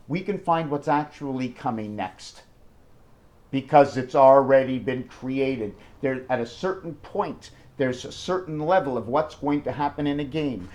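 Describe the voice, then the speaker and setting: A man in a rambling monologue, jumping excitedly between numbers and firing off rhetorical questions. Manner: wide swings in pitch and loudness. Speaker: numerology video maker.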